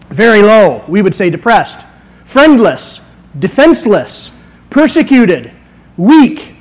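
A man's voice: high-pitched, low-quality recording. A man in his forties, a pastor preaching a conversational sermon in a church, acting out little dialogues as he goes. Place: church sanctuary.

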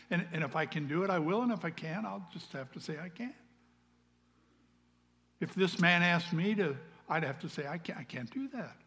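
A man giving a sermon as pastor, earnest, swinging between loud calls and hushed asides. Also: sits high, moderate pace, pauses often. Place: church sanctuary. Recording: long reverb of a large hall.

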